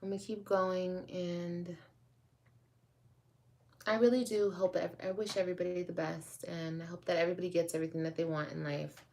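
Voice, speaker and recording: A woman's voice: on the low side, level tone, moderate pace, vocal fry, dark tone, a little hiss or hum. A woman vlogger chatting casually with her viewers and answering their comments, frank and rambling, and calling them babe and girl. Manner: rambling, with restarts.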